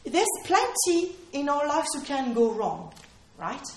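Woman preacher, earnest, fairly high voice, roomy hall echo. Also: sing-song, takes it slowly. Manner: earnest, emphatic, repeats key phrases. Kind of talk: sermon.

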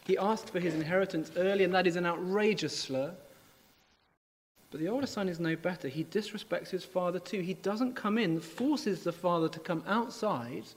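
A man preaches a sermon in a conversational, animated way, voicing the characters when he reads scripture aloud. His voice sits a little high for a man. Long reverb trails behind every phrase. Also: normal speed.

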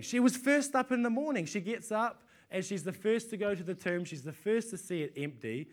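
A man with a notably high voice delivers a sermon to a congregation. He talks in a loose, conversational way, stumbling into repeated words as he restarts his sentences. He keeps pulling the listeners in with rhetorical questions. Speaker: preacher.

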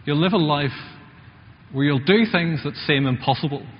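Male preacher, chatty sermon delivery, mid-pitched voice, muffled recording in an echoing church hall. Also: normal speed. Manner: conversational, asks the congregation questions.

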